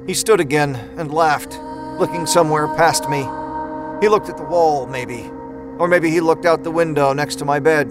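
A man narrating a horror story in a measured, dramatic storytelling manner. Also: fairly high pitch, rough recording. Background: music score.

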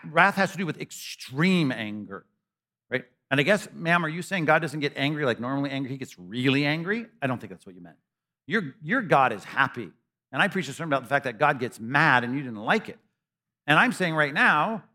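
A middle-aged man preaching a sermon conversationally, with rhetorical questions, humor and repeated phrases that build to loud peaks. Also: fairly high pitch, very animated, brisk. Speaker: pastor.

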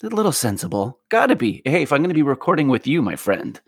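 A man's voice: medium pitch, big pitch swings, quick pace, husky, no echo, clean studio sound. A man in casual chat who talks animatedly and laughs often.

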